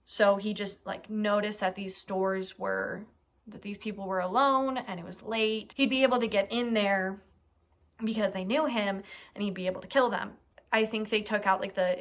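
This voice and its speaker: A young woman tells a true crime story in a loose, chatty way. Her voice sits at a middling pitch, and she pads her sentences with fillers and quick asides as she talks. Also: fairly bright tone. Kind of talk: casual true crime retelling.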